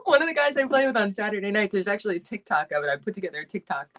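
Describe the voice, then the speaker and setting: A woman's voice: mid-range voice, sing-song, racing, a bit bright. A woman, a guest on a podcast, chatting casually with brash, profane trash talk and frequent laughter.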